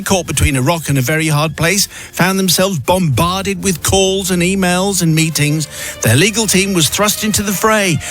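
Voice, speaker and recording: A radio host reading a listener's letter aloud in a wry, dryly theatrical storytelling manner. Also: male voice, high voice, a bit bright.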